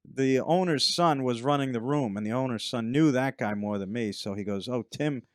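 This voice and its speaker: A man's voice: mid-range voice, normal speed, no room sound, studio quality. A middle-aged man, a stand-up comedian, telling long rambling anecdotes in a casual chat and acting out other people's lines. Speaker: stand-up comedian, podcast guest.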